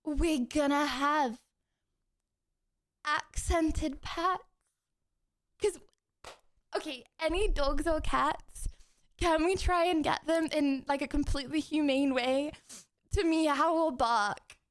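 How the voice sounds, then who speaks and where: A young woman streamer chatting casually with her viewers in an excitable, giggly, rambling way. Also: high-pitched, takes it slowly, long pauses. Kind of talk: casual live-stream chat.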